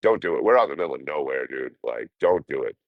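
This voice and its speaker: A man putting on his worried male friend, who pleads in a hushed, low voice for him to back down. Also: big pitch swings, quick pace, dry recording, phone-quality sound, full character voice. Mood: pleading. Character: worried male buddy urging calm, pleading.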